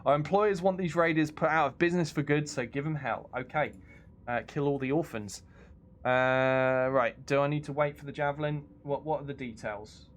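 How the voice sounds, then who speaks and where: A man's voice: a little high, moderate pace. A man streaming a game, chatting casually with frequent laughs, stumbles and restarts. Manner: joking, stammering, laughing often. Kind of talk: casual live-stream commentary.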